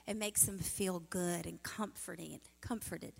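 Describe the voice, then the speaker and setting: A middle-aged woman giving a sermon as a guest speaker, telling stories in an animated way and acting out the quotes. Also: on the low side, unhurried, creaky, slightly rough. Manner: animated, storytelling, acts out quotes. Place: church sanctuary. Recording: reverberant church hall.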